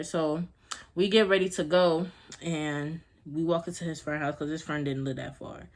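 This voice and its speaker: A woman's voice: sits low, fairly even intonation, moderate pace, a little mellow. A young woman vlogging at home, telling a casual story in a rambling, slangy way with laughs.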